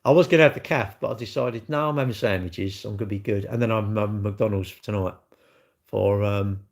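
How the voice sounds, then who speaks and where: A man's voice: on the low side, a little fast, creaky. A man chatting casually on a live stream, rambling and answering viewer comments as he goes. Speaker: livestreamer and car dealer. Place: at work, indoors.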